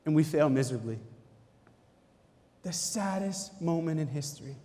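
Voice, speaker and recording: A man giving an animated, preacher-like motivational speech at a conference, with dramatic pauses. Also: on the high side, big-room sound. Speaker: company executive giving a keynote talk. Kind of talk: motivational faith-based speech. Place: conference hall.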